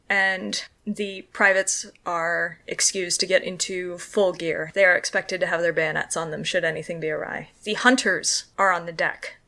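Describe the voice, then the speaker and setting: Bright-voiced woman narrating a tabletop game. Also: lowish voice. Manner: descriptive, steady scene-setting narration. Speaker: game master.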